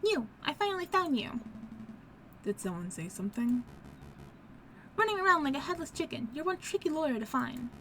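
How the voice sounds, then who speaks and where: Woman voicing a loud menacing thug. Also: high voice, very animated, normal speed, pauses often, a little hiss or hum, heavily acted. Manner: threatening.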